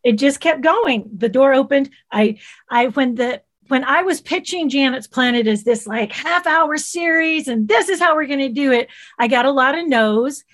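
A middle-aged woman with a warm Southern US accent tells her story in a casual interview. Her voice sits a bit high, and she talks in a lively, animated way. She slips into quick impressions of the people she quotes. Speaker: guest, children's TV creator.

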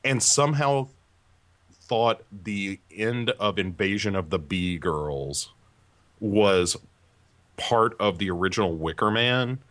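A man in casual podcast chat, wry and meandering with halting restarts. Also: on the low side, animated, a bit bright. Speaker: podcast co-host.

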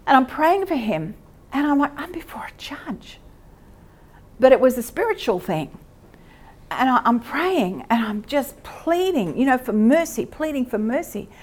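A woman's voice: high voice, big pitch swings, normal speed, a little mellow. A woman teaching at a church session, talking in a conversational way with fillers and self-corrections. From Australia. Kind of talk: sermon teaching.

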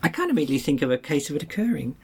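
A co-host on a casual film podcast, making dry, deliberate remarks. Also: medium pitch, big pitch swings, darkish tone, a little hiss or hum.

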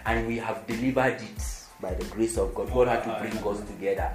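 A man preaching a sermon. He talks emphatically, repeats his points and swings between loud declarations and quiet lines. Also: on the low side, fairly even intonation, fairly quick, hardly any pauses. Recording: echoey room with music behind.

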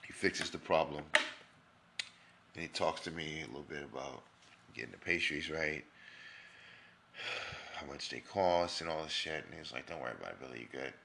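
Deep gravelly New York man, rambling. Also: measured pace, long pauses, roomy sound, noisy background. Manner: rambling, loose and profane, heavy on fillers. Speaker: storyteller. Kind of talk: casual storytelling.

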